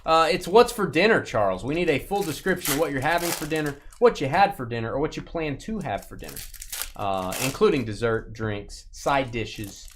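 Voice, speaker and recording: A man's voice: medium pitch, expressive, moderate pace, a bit bright, slight background noise. A man hosting a live sports card break stream, chatting casually, joking and rambling with a co-host and viewers. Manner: joking, rambling, reads viewer chat aloud.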